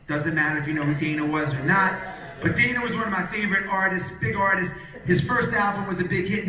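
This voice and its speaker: Bright, high New man speaking in an echoey hall. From New York, Long Island. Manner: energetic, punchy storytelling with acted-out quotes. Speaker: motivational speaker. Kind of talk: storytelling keynote to a live audience. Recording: echoey hall, distant mic.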